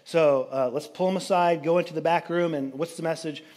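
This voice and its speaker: A man's voice: fairly high pitch, fairly even intonation, fairly quick, darkish tone. A man giving a sermon as a pastor, retelling a Bible story in a loose, chatty way with jokey asides. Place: church sanctuary.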